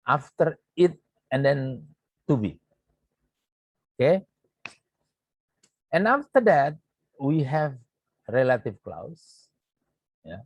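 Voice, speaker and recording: A male teacher with an Indonesian accent walks through a grammar point in an online lecture. He speaks in an unhurried, deliberate way and often repeats himself, checking in with "yeah". His voice sits in a mid range and is recorded dry and close. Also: mid-range voice, dry recording. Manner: slow and repetitive, with frequent "yeah" checks.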